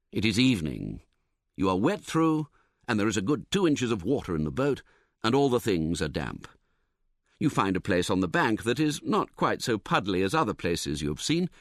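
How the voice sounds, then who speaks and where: A man narrating a comic novel as an audiobook, in a wry, expressive, theatrical manner. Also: fairly low pitch, dry recording, clean studio sound.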